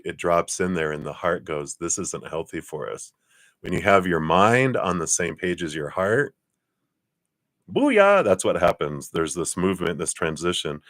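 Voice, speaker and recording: A man's voice: deep voice, fairly bright tone, no echo, studio quality. A man giving a casual live-stream tarot reading, chatty and laughing often as he acts out little quoted lines. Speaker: tarot card reader.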